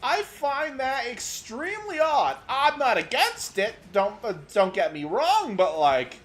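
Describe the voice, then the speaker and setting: A young man streaming a game, chatting with his viewers as he plays and breaking into sudden excited outbursts. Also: very high-pitched, a little slow, hardly any pauses, faint music behind. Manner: chatty, answers chat while playing, sudden excited outbursts. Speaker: VTuber streamer. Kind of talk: gaming livestream commentary.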